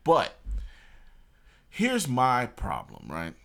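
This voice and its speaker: A young man hosts a podcast and holds forth with strong opinions. His mid-pitched voice leans hard on emphatic points throughout the casual chat. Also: huge pitch swings, very slow, gravelly, noisy background. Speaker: podcast host.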